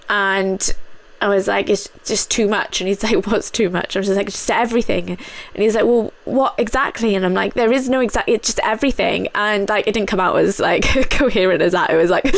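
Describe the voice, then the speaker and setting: A woman in her thirties, hosting a personal podcast, speaking candidly in a halting way with many fillers and restarts. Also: mid-range voice, no echo. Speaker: podcast host.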